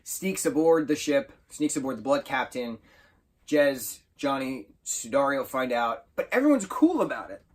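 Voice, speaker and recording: A man talks through a book review in a loose, enthusiastic ramble, catching and fixing his words as he goes. His voice sits at a middling pitch with a husky edge. It sounds like an informal chat rather than a script. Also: big pitch swings, normal speed. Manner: enthusiastic, rambling, with self-corrections. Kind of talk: casual spoken book review.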